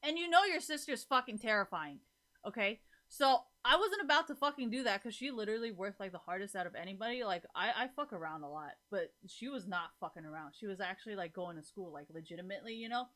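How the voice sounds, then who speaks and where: A young woman with a bright, forward voice talks straight to her stream audience in loose, rambling casual chat. She swears constantly and keeps slipping into laughter between her points. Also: medium pitch, expressive, quick pace.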